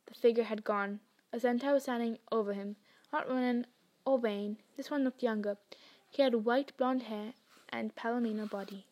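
A woman reading a novel aloud in a slow, hushed storytelling manner. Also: fairly high pitch, fairly even intonation, dry recording. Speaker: reader.

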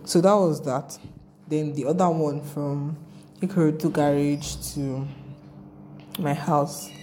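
A young Nigerian woman with a Nigerian accent, chatting casually in a vlog, telling her travel stories with animated, rambling asides. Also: sits low, slow, a little hiss or hum. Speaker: travel vlogger.

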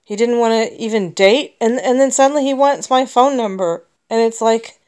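American woman with a smooth, resonant voice. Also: fairly high pitch, moderate pace, darkish tone. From United States. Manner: emotional and rambling, many restarts. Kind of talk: personal vlog monologue.

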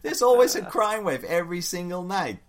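A man co-hosting a casual comics chat, animated and laughing often, turning to his co-host with questions. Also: sits high, brisk, slight background noise. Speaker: podcast co-host discussing comics.

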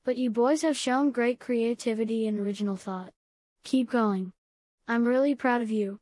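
A woman voicing a kind, proud father who is a schoolteacher, speaking calmly and encouragingly, in a higher voice and a dry recording. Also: moderate pace, dry recording, lightly acted. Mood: gentle. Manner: calm, kindly encouraging.

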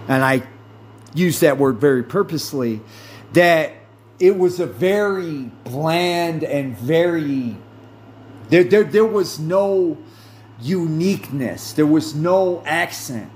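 Guy from the us doing a slow rambly podcast monologue, lots of ums, faint ac hum behind him. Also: fairly high pitch, animated, darkish tone. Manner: slow and rambling, with many fillers and self-corrections. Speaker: podcast host. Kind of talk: casual monologue.

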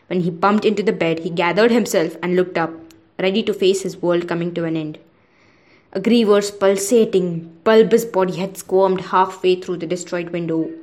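A woman narrating a novel aloud for a podcast, in a steady, measured way. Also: mid-range voice.

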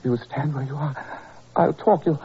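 An actor playing a feverish, dying, imperious middle-aged detective, gasping and halting with sudden sharp cries, in a 1940s radio drama. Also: male voice, a little high, steady tone, crowd noise, close to an everyday voice. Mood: frantic commanding. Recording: dull old radio broadcast, faint hiss.

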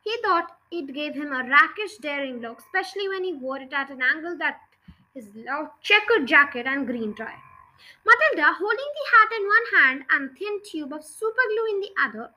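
A woman narrating a children's storybook chapter in an expressive, lively read-aloud. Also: high voice, normal speed, rough recording. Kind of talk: storybook reading.

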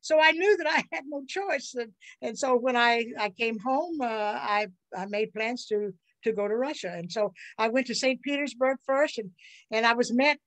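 An older woman from the USA, telling personal stories as an interview guest in an earnest, halting way with many restarts. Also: a little high, fairly bright tone, low-quality recording. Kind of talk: personal storytelling.

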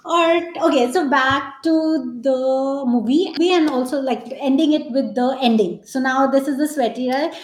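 A woman chats about films on a podcast in a high voice, laughing often as she talks. The recording has a roomy echo. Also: a little slow, hardly any pauses. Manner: animated, laughs often while talking. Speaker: podcast co-host. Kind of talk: casual film chat.

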